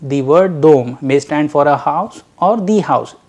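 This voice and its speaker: A man giving a recorded lecture, teaching slowly and deliberately and drilling short example phrases. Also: on the high side, animated, darkish tone.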